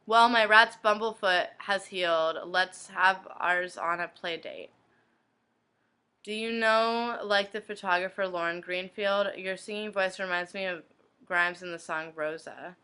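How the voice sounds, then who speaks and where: A young woman vlogger flatly reading fan messages from her inbox aloud, one after another. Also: lowish voice, a little slow, smooth, rough recording. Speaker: video blogger reading fan questions.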